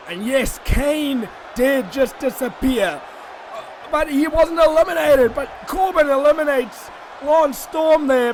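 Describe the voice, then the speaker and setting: A man with a very high voice calls a wrestling video game on his own, loud and excitable. He shouts often and swings from rants to mock outrage, with a faint hiss of noise behind him.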